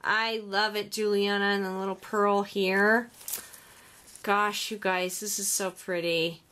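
Gushing, sighing woman with a slow drawl. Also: mid-range voice, level tone, sharp tone. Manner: gushing, exclamatory, often sighing. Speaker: crafting vlogger. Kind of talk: casual unboxing chat.

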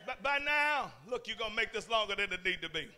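Guest preacher, male, very high-pitched, shouting in a church with rhythmic "uh" pauses. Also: expressive. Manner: shouting call-and-response preaching with frequent "uh" breaks. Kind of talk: sermon. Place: church sanctuary.

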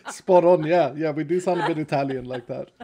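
A man's voice: fairly high pitch, brisk, mellow. A man from Sweden with a Swedish accent, chatting casually and laughing often while he plays a game over voice chat. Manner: laughs often, playful and teasing. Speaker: streamer and host.

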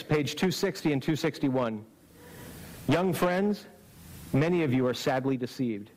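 A man delivers a camp-meeting sermon at a moderate, ordinary pitch for a man. His tone is earnest and exhorting. He keeps turning to the congregation with rhetorical questions. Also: darkish tone, low-quality recording. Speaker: preacher.

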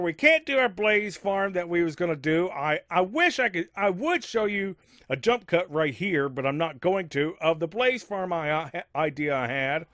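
A man hosting a game let's-play in casual, rambling commentary with many asides, speaking above his natural low register. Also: expressive, normal speed, a bit bright, no echo, clean studio sound. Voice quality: rambling, lots of fillers and asides.

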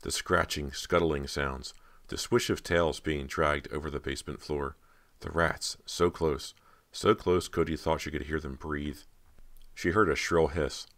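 Very deep-voiced male horror narrator. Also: a bit bright. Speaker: audiobook narrator. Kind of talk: scripted narration of a horror novel.

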